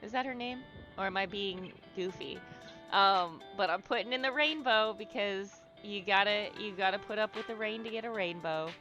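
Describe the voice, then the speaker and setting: Young woman hosting a livestream while she draws. Her voice is bright and clear, with faint music under it. She talks in a loose, rambling way, full of fillers and restarts, and cheers her viewers on. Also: medium pitch, normal speed, dull audio. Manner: chatty and rambling, many fillers and restarts, swears casually; warm and encouraging to viewers. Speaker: livestream host leading an art therapy exercise. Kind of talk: casual livestream chat while drawing.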